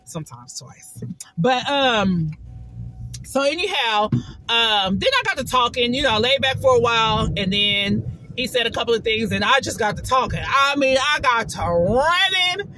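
A woman telling a story in a casual vlog, chatty and expressive, often saying "baby" and putting on voices when she quotes people. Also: a little high, moderate pace, faint music behind, rough recording. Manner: quotes others in shifted voices. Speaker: vlogger.

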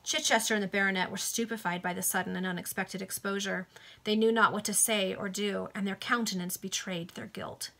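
A woman reading a novel aloud in a steady, expressive way over a video call. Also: medium pitch, brisk, vocal fry. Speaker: reader.

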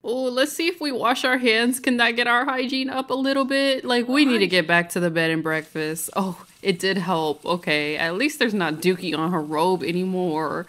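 A woman's voice: mid-range voice, moderate pace, few pauses, a bit bright. A woman casually narrating her life-sim gameplay, chatty and joking, often voicing what her characters seem to say. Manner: chatty, laughs often, mock-quotes her sims. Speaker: Sims let's-play host.

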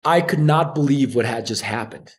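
A man with a mid-range voice speaks at a moderate pace as he tells stories on a podcast. His delivery is casual and animated, and he imitates the voices of the people he quotes.

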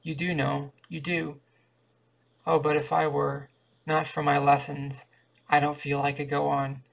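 A man reading the part of a tearful, adoring young woman pupil in a flat, gravelly voice. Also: on the high side, a little slow.

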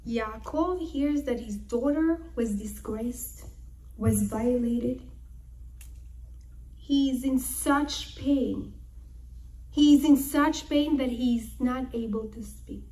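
A woman's voice: fairly high pitch, slow, warm tone. A woman teaching the Torah as a dramatic retelling, emphatic and full of repeated phrases. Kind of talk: dramatic retelling of a Bible story.

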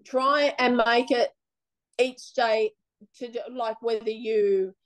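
A woman with an Australian accent, telling her own story in a blunt, animated, plain-spoken way during an interview. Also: a little high, slow pace. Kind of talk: casual personal storytelling.

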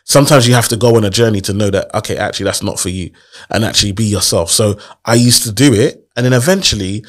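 A man tells his story in a casual interview, earnest and motivational, often asking rhetorical questions. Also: mid-range voice. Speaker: guest.

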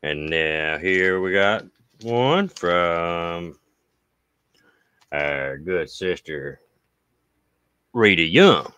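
Reading viewer letters on a relaxed livestream, this low-voiced Appalachian man has a smooth sound and a pushed, bright delivery. His style is homespun, and he lingers over every thank-you.

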